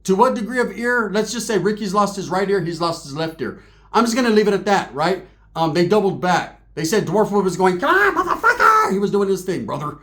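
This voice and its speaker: Man, slightly high voice, casual storyteller, profane street slang, keeps asking "right?". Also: a little fast. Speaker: storyteller recalling prison and gang life. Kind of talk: casual anecdote-telling.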